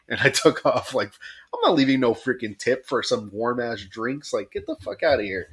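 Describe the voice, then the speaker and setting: A man's voice: medium pitch, a little fast, slightly rough. A man on a podcast, telling a long story in a casual, swearing way and acting out what each person said. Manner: animated storytelling, acting out both sides with quoted voices and swearing. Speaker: podcast co-host.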